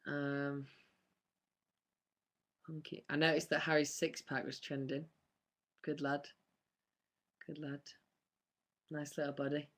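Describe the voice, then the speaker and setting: A man's voice: a little high, completely flat delivery, slow, long pauses, fairly bright tone. A young man, chatting casually on a live stream and answering fan questions with lots of ums and laughs. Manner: chatty, rambling, laughs often, many ums.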